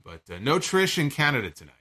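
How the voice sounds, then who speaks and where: A man's voice: on the high side, big pitch swings, fast talker, pushed and bright, husky. A man hosting a wrestling talk show, reading an ad and recapping events in a chatty, wry way. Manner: chatty, wry, with fillers and asides. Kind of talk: casual recap and ad read.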